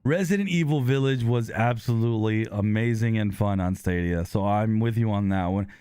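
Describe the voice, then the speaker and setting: A man streaming a live online game, chatting with viewers, excitable with sudden loud exclamations and quick apologetic laughs, on a close desk microphone. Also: on the low side, clear, resonant tone, no echo. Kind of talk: live gaming stream chat.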